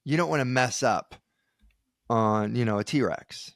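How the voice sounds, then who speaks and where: A man's voice: medium pitch, unhurried, gravelly, fairly bright tone, no echo, clean studio sound. A man co-hosting a podcast, teasing his partner in playful casual banter. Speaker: podcast co-host. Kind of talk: casual chat.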